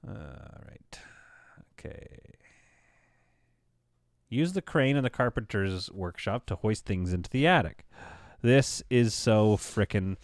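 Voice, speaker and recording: On a live stream, a tired thirty-something man who has been up all night jokes and rambles, addressing his viewers in the chat. He speaks slowly with long pauses, his fairly low voice expressive. There's no room sound at all.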